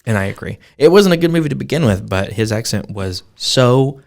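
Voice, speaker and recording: A man's voice: medium pitch, animated, brisk, vocal fry. A man co-hosting a podcast, chatting casually and opinionatedly with jokes and frequent laughter. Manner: joking, opinionated, laughs often. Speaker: podcast co-host. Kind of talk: casual chat about a film.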